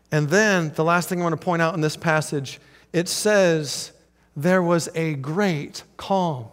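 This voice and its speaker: Animated high-voiced male pastor, echoing hall. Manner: animated, acts out voices, slows for emphasis. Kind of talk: sermon.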